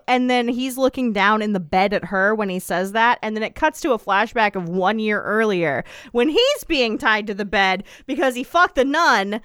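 A woman's voice: fairly high pitch, a bit bright, clean tone, no room sound, studio quality. A woman co-hosting a casual podcast, recapping a TV episode, swearing freely and acting out the scenes in quoted voices. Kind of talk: casual chat.

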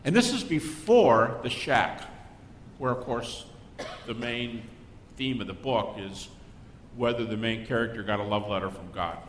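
An older man, a guest speaker, giving a Christian apologetics talk to a live audience and acting out the people in his stories. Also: unhurried. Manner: animated storyteller who acts out quoted people. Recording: echoey hall with faint rumble.

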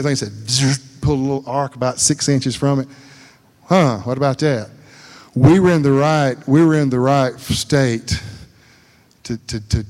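A man's voice: mid-range voice, darkish tone. A man preaching an informal sermon in a folksy, conversational way, repeating phrases for emphasis. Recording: long hall reverb.

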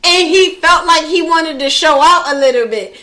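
A young woman from the Hartford, Connecticut area in casual chat, telling a story loudly and profanely with plenty of laughter. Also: high-pitched, moderate pace.

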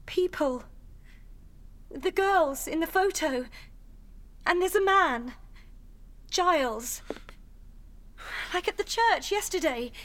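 Actress for a troubled, defensive teenage girl; very high voice. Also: lively intonation, takes it slowly, pauses often, a bit bright, heavily acted. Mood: frightened. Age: late teens. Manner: tense, defensive. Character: troubled teenage girl about to start university. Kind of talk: radio drama acting.

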